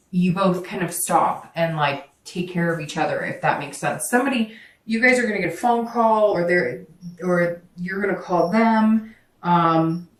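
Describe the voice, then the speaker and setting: A woman's voice: fairly low pitch, far from the mic. A woman giving a casual tarot reading to her viewers, rambling and correcting herself as she talks straight to them. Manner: rambling, self-correcting, speaks directly to viewers. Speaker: tarot reader. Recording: echoey room, voice away from the mic.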